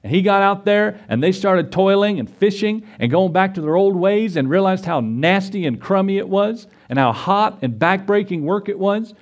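A middle-aged man preaches a sermon in a fairly high voice. His pitch climbs when he presses a point, and he briefly slips into the voices of biblical figures. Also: lively intonation, normal speed, few pauses. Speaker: pastor.

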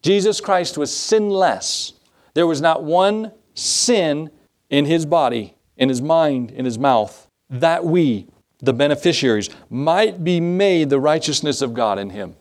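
Guy preaching, kinda high voice, gets loud and slows way down on the big words. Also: lively intonation. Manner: emphatic preaching with rising bursts and slow drawn-out stresses. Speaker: pastor. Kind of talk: sermon.

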